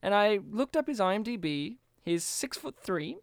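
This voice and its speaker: A man's voice: high voice, very animated, normal speed, vocal fry, no room sound. A man chatting casually about a movie, joking and laughing often as he tells his story. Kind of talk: casual movie commentary chat.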